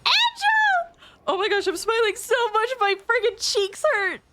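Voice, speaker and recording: A woman streaming a video game, commenting live in a gushing, excitable way, squealing and shouting with delight. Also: extremely high pitch, a little slow, very noisy.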